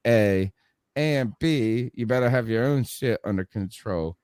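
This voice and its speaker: A man co-hosting a sports podcast, telling stories in a loose, profane, animated way and laughing often. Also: medium pitch, unhurried, clean tone, no echo, studio quality. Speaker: podcast co-host. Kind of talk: casual chat.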